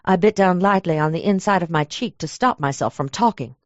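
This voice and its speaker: A woman narrating a first-person audiobook in a lively, chatty storytelling manner. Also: fairly low pitch, fairly quick, dry recording. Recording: dull lo-fi dry recording.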